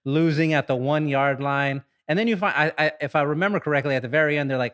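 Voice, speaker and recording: A man's voice: fairly high pitch, quick pace, a bit bright. A man co-hosting a casual movie podcast, enthusiastic and repeating words for emphasis. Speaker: podcast co-host.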